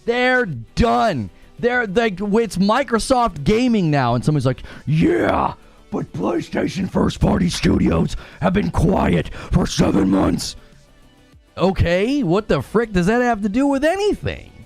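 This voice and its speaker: High-voiced dude on a live gaming stream, super sarcastic, bouncy pitch, faint music under him. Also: male voice, measured pace, vocal fry. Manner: sarcastic, laughing often, animated. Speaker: live talk show host. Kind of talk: live stream commentary reading super chats.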